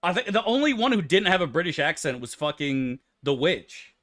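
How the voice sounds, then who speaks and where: A man's voice: a little high, big pitch swings, normal speed, a bit bright. A man streaming a game, answering his chat in loose, profane, rambling banter. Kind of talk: casual livestream chat, answering chat.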